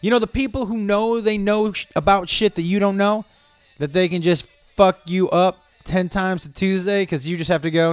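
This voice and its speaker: A man's voice: sits high, fairly even intonation, normal speed, clear, resonant tone, no room sound. A man delivering an angry, profanity-heavy, stream-of-consciousness rant to his viewers. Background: faint music playing.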